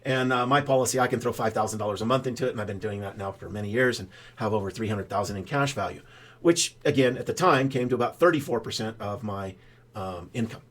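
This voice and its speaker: Older male advisor, casual explainer, folksy and rambling, middle pitch. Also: fairly bright tone. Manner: rambling storyteller, frequent "uh" fillers. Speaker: financial advisor pitching whole-life insurance banking. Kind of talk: casual straight-to-camera explainer.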